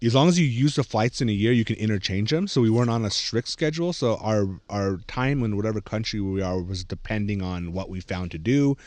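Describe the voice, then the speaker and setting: A man's voice: lowish voice, lively intonation, fairly quick, hardly any pauses, darkish tone. A man in his thirties telling a personal travel story in casual podcast chat, rambling with many fillers and acting out other people's lines. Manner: rambling, many fillers, acts out quoted voices. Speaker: podcast co-host.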